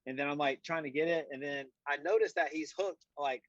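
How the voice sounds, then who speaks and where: A man's voice: a little high, a little fast, dry recording. A young man who is a guest on a stream, chatting casually in a rambling way with lots of fillers and dry jokes. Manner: rambling, many "like" and "you know" fillers, joking. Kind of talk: casual chat. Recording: slightly muffled remote audio.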